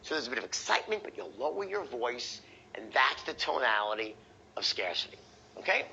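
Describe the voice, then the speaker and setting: A man teaching a sales training session, animated and profane, acting out the tones of voice he teaches. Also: medium pitch, a little fast, gravelly, muffled recording, a little hiss or hum.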